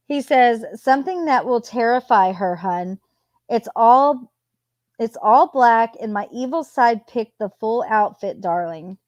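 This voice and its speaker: At home with a cat nearby, a true crime commentator casually reads text messages aloud, dropping sarcastic asides between them. Her voice sits on the high side and is a little mellow, in a dry recording.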